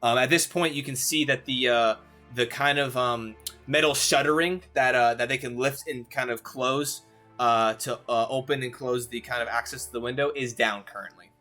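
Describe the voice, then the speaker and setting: A man's voice: mid-range voice, fairly even intonation, normal speed, sharp tone, soft background music. A man narrating as game master of a tabletop game, rambling with lots of fillers.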